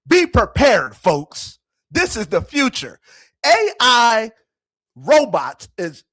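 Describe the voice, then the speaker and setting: Excitable man in his thirties, very lively. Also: extremely high pitch, slow pace, dry recording. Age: 30s. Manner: excitable, rambling, animated. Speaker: host. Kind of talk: casual commentary vlog.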